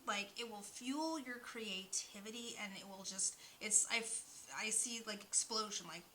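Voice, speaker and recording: A woman's voice: mid-range voice, measured pace, bright, forceful tone, a little hiss or hum, poor audio. A woman giving a spiritual nutrition card reading, rambling with many fillers and restarts. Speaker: oracle card reader.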